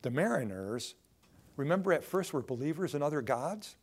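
Lively-voiced male pastor preaching. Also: a little high, normal speed. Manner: conversational preaching with rhetorical questions to the congregation. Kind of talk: sermon.

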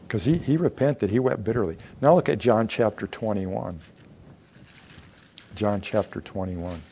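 A man's voice: on the low side, slow, pauses often, mellow, a little hiss or hum. A man preaching a sermon, reading scripture aloud, acting out the voices of the figures and asking the listeners questions. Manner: asks the congregation questions. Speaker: pastor.

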